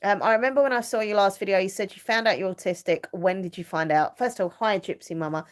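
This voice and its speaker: A woman's voice: mid-range voice, quick pace. A middle-aged woman rambling chattily as a live stream host, full of fillers and ready laughs. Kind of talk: casual chat.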